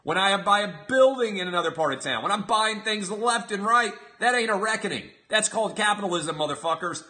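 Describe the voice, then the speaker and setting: A loud, swaggering pro-wrestler bragger, as a man puts him on, drawing every word out slowly and high. He sounds forceful and tense as he keeps calling the listener brother. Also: animated. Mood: boastful. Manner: drawn-out shouting, calls everyone brother. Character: brash, boastful male pro-wrestler persona, bellowing.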